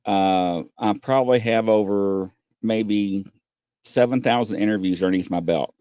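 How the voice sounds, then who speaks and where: A man hosting a casual podcast, telling stories with lots of pauses and acting out what people said. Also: lowish voice, dark tone, smooth, no echo, clean studio sound. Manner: rambling storyteller, many "uh" pauses, acts out quotes. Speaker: podcast host. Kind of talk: casual chat.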